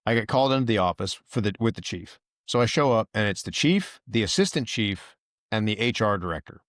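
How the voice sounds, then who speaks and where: A man's voice: on the low side, a little fast, no room sound, studio quality. A man, a veteran hosting a podcast, telling his story in casual chat and acting out other people's lines with a raised voice. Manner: animated retelling, quotes others in raised voice.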